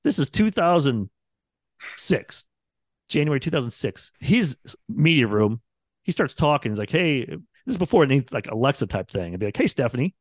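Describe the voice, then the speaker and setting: A man's voice: medium pitch, big pitch swings, normal speed, no echo, clean studio sound. A man, a radio producer chatting casually on a podcast and acting out quotes from the people in his stories. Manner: rambling storyteller, acts out quotes.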